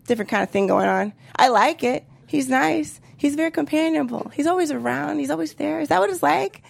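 High-pitched woman in her 30s doing stand-up, blunt and swears a lot. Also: animated, fairly quick, creaky. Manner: blunt, profane, punchy delivery. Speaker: stand-up comedian. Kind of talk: stand-up comedy set.

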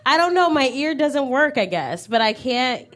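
A woman's voice: sits high, sing-song, moderate pace, a bit bright. A woman co-hosting a comedy podcast, giggly and self-deprecating in casual banter.

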